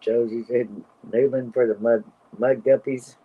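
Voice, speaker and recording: A woman with a rumbling low, husky voice hosts a casual live stream at a measured pace and steady tone, reading viewer comments aloud. She laughs constantly until she's out of breath, and the lo-fi audio is slightly dull.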